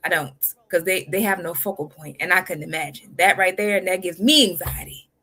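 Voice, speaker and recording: A woman's voice: fairly low pitch, brisk, pushed and bright, a little hiss or hum. A woman hosting a reaction video, talking bluntly and emphatically. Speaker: reaction channel host. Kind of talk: casual commentary.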